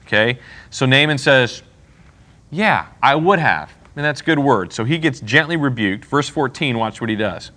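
Bright-voiced man teaching a Bible class. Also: medium pitch, lively intonation, moderate pace. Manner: casual, paraphrases scripture in slang; asks the class questions.

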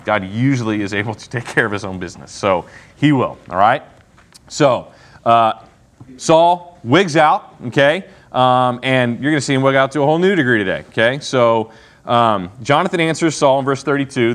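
A man teaching a casual Bible class, animated and joking as he asks his students questions. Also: medium pitch, moderate pace.

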